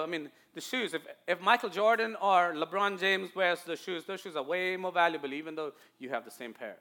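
A man with an Indian accent preaching a sermon to a church, moving between quiet asides and loud, emphatic declarations. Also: high-pitched. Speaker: pastor.

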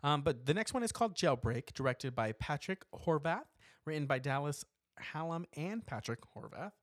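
Lively, animated man recapping a film. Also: fairly high pitch, moderate pace, no echo, clean studio sound. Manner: animated storytelling with frequent laughs and fillers. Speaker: podcast co-host recapping a horror film. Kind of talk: casual chat.

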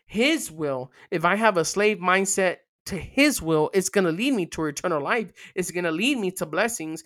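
A podcast host giving informal devotional teaching, reading scripture aloud and riffing on it with slang and bursts of excitement. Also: medium pitch, dry recording, clean studio sound. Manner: animated, slangy, reads Bible passages aloud then riffs on them.

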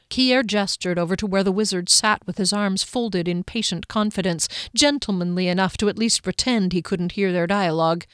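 A woman's voice: fairly low pitch, fairly even intonation, moderate pace, hardly any pauses, clear, resonant tone, no echo, studio quality. Woman narrating a fantasy audiobook.

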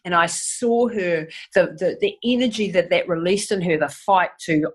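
A New woman shares a personal story as a guest. Her voice has a husky edge. She tells it in an animated way, restarting sentences and acting out what others said. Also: on the low side, moderate pace, hardly any pauses. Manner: animated, acts out quotes, frequent restarts.

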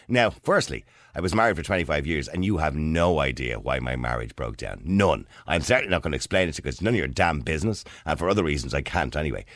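Blunt animated man, radio host. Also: extremely low pitch, fast talker, no room sound. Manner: blunt, animated, talks over others. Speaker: radio talk show host. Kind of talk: lively radio studio debate.

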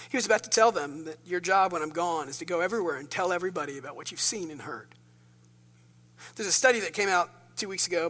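A man preaching a sermon as pastor, telling self-mocking stories with animated asides. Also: high-pitched. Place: church sanctuary. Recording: church hall reverb.

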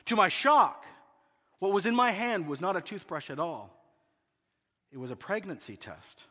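Pastor, man in his thirties, high bright voice, humorous animated sermon storyteller, long hall reverb. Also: normal speed.

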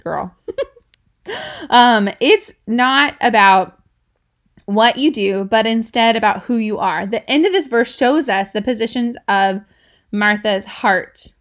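This woman in her thirties hosts a laid-back devotional podcast, and her voice sits on the high side with a slow delivery. She's chatty, laughs often between points, and checks in with listeners by asking "right?" as she teaches.

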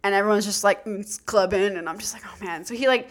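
A woman's voice: medium pitch, fast. A young adult woman, a podcast co-host, telling a long casual story, acting out quoted voices with lots of "like".

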